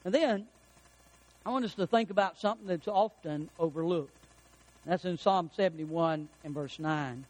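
A middle-aged pastor with a high-pitched voice gives a sermon, telling homely stories in a relaxed, folksy way and building to emphatic peaks to drive his points home. He speaks at normal speed, and the recording is low quality.

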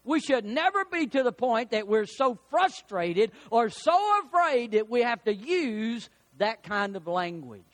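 Animated man preaching a sermon. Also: very high voice, measured pace, few pauses. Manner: animated preaching with folksy anecdotes. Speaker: pastor.

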